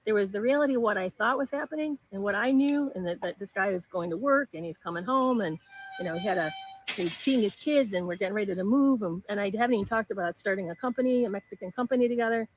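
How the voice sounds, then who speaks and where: A middle-aged woman telling a personal story in an earnest, halting way, often restarting her sentences. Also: medium pitch, slight background noise, low-quality recording.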